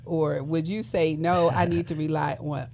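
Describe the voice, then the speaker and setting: Co-host, medium pitch, long winding questions, casual interview. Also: flat delivery, normal speed, gravelly, a little mellow, a little hiss or hum.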